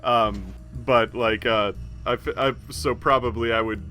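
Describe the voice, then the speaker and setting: Bright-voiced man playing a tabletop game. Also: mid-range voice, fairly even intonation, measured pace, soft background music. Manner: casual, laughs often. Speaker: player.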